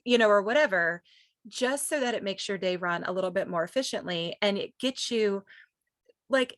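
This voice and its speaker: A woman's voice: medium pitch, fairly bright tone, no echo. A woman who is a parent of a child with Duchenne, talking candidly and chattily with lots of fillers. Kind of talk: conversational webinar sharing. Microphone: video call microphone.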